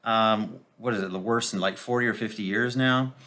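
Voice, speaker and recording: A man giving a casual, sarcastic political commentary, full of mocking asides and hesitant filler pauses. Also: on the low side, sharp tone.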